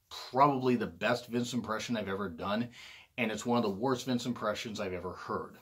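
A man's voice: fairly low pitch, a little fast, husky. A man hosting his own casual review vlog, rambling and joking, often correcting himself mid-sentence. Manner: rambling, jokey, self-correcting. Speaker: wrestling show reviewer.

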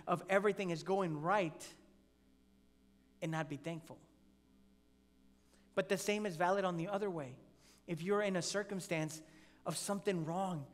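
A man's voice: sits high, fairly bright tone. A male pastor preaching a sermon earnestly, hammering home points through repetition and rising emphasis. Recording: long hall reverb.

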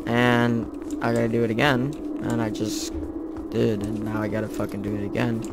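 A man's voice: on the low side, little pitch movement, moderate pace, gravelly, noisy background. A young man playing a horror game, muttering profane, sarcastic commentary to himself. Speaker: gaming video creator.

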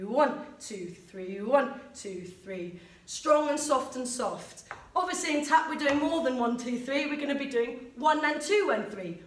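A woman leading a live tap dance class, counting beats in a sing-song way and encouraging her students. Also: high voice. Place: dance studio. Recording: echoey room, mic far off, loud tapping. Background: tap shoes clicking.

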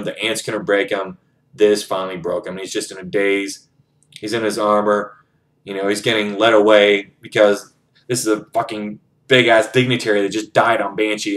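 Casual male book reviewer, lowish voice, loose and profane, heavy on fillers. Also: fairly bright tone. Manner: rambling, profane, lots of "you know". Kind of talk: casual retelling of a novel.

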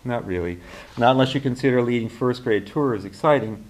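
A man's voice: medium pitch, a little fast, lightly acted. A man reading the lines of a hesitant, polite young woman with a self-deprecating way of talking.

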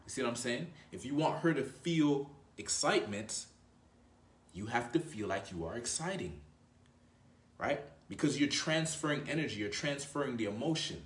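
A man plays a dating coach in a casual, slangy advice monologue, calling the viewer "bro" and often ending his points with "right?". His medium-pitched voice is animated at a normal speed, heard from a distance in a roomy space.

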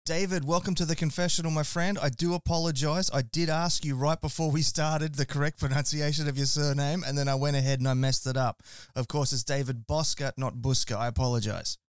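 A man's voice: a little high, steady tone, brisk, smooth, no echo, clean studio sound. An Australian man hosting a casual barbecue podcast interview, friendly and chatty. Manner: friendly, chatty, says mate. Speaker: podcast host.

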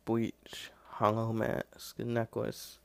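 A man with a slow, gravelly voice narrates an unboxing from his kitchen, rambling and apologizing as he goes. He talks into a phone, with a light hiss underneath. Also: fairly low pitch, completely flat delivery, darkish tone. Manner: self-deprecating, rambling with fillers and apologies. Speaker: unboxing vlogger. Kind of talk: casual unboxing commentary. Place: home kitchen. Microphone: phone camera with headphones plugged in.

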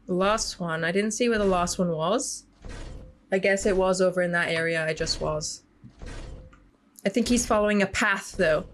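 A woman's voice: fairly low pitch, moderate pace, a little hiss or hum. A young woman commenting on a horror game. She gets jumpy, swears, laughs nervously and shrieks when chased. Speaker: gaming YouTuber.

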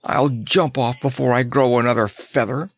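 A man voicing the Cowardly Lion, gruff and blustering. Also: fairly high pitch, slow pace, pitched above the performer's own voice. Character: blustering, cowardly male lion, easily angered.

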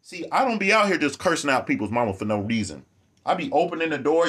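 A man giving ranting vlog commentary, animated, profane and sarcastic. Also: fairly high pitch, fast.

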